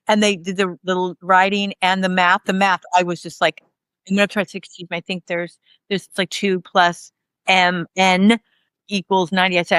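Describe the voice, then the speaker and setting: A woman in her fifties talks as an interview guest, her voice bright and clear. She rambles through candid stories and acts out the dialogue with lively energy. The recording is close and dry. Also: fairly low pitch, moderate pace, dry recording. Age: 50s. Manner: rambling, animated, acts out quoted dialogue with laughs.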